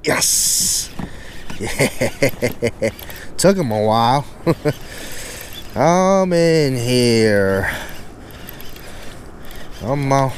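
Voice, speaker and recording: A fishing vlogger in a kayak on the open ocean gives a casual, chatty play-by-play, coaxing, scolding and exclaiming at the fish. His medium-pitched voice is animated yet unhurried and drawn out, picked up by a camera-mounted external mic with faint background noise.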